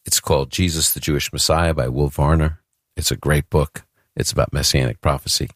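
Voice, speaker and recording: A man from Brooklyn hosting a call-in radio program in a loose, chatty way, with a few restarts. His voice sits extremely low and sounds dry and close. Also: fairly even intonation, fairly quick, fairly bright tone, husky, no echo. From Brooklyn, New York. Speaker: radio host taking calls. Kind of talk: casual call-in radio talk.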